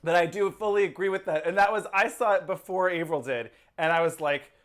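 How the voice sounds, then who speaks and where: A man's voice: sits high, fairly quick, few pauses. A man co-hosting a film review podcast, casual and agreeable, laughing often. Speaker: podcast co-host. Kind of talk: casual chat.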